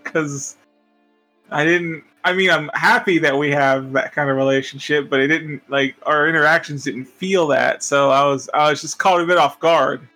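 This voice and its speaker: Bright-voiced young man chatting as a player. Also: on the high side, fairly even intonation, moderate pace, soft background music. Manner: chatty, joking. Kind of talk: casual tabletop game chat.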